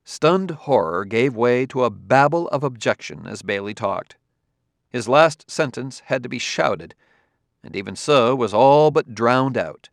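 Man reading a sci-fi audiobook, steady mid voice, dry close mic. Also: mid-range voice, a little slow, gravelly, no room sound. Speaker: audiobook narrator. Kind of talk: scripted narration.

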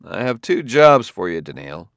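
A man's voice: lowish voice, sing-song, moderate pace, vocal fry, a bit bright, no room sound, clean studio sound, heavily acted. A male audiobook reader voicing a stern, tired middle-aged detective who reasons tersely. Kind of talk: audiobook character voice.

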